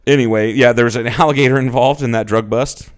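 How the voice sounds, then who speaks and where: A man's voice: medium pitch, fairly even intonation, fast talker, clean tone. A man in his thirties, a podcast co-host, telling rambling stories in casual chat, swearing freely and acting out quotes. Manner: loose storytelling, swears freely, acts out quotes.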